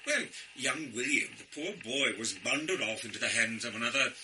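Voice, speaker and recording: An actor playing a vain, florid out-of-work actor who tells a tale with pompous, self-admiring flourishes. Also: male voice, medium pitch, animated, normal speed, sharp tone, slight background noise, rough recording. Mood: conspiratorial. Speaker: storyteller. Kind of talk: theatrical one-man storytelling.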